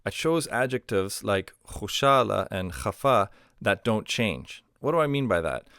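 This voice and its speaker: A man calmly teaching a recorded grammar lesson, explaining step by step with example phrases and a few ums and uhs. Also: lowish voice, a little slow, gravelly, smooth, no room sound, studio quality. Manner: patient explaining with spoken examples, fillers like um and uh. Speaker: language teacher.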